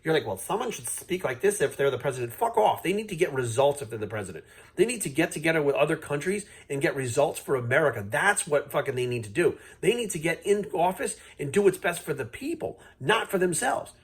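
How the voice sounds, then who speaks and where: A man's voice: a little high, big pitch swings, brisk, breathy edge. A man ranting straight to camera, blunt and heated, swearing freely as he lectures his viewers. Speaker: fitness coach vlogging. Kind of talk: unscripted rant to camera.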